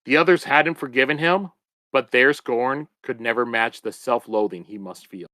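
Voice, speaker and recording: Man, bright forceful tone, chapter summary for a podcast, dry recording. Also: mid-range voice, moderate pace, dry recording.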